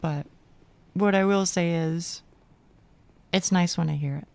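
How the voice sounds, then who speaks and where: Gravelly-voiced woman streamer chatting. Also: on the low side, fairly even intonation, measured pace, darkish tone, dry recording. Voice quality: gravelly, gruff voice. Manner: rambling, self-interrupting, laughs often. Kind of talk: casual chat while gaming.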